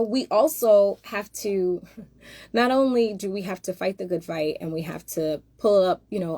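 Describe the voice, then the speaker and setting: A woman's voice: lowish voice, mellow, dry recording. A woman hosting a casual monologue, emphatic and rhetorical, addressing viewers directly. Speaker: host.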